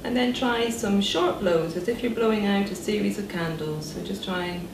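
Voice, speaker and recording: British female therapist leading breathing exercises, calm and steady, recorded far off in an echoey room. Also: mid-range voice, moderate pace. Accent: British English. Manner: calm, step-by-step instructions. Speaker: speech and language therapist. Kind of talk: guided breathing exercise instruction. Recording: echoey room, voice from a distance, noise behind.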